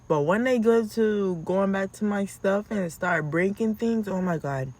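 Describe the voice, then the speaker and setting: A woman telling casual, animated stories as a podcast host, acting out how she scolds her kids. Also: mid-range voice, moderate pace. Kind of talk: casual storytelling.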